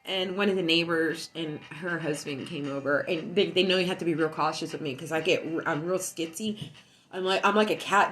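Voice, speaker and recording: A woman chatting casually on a livestream from her home while high on cannabis, telling stories loudly and with lots of animation. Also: fairly quick. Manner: loud and animated storytelling. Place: at home indoors.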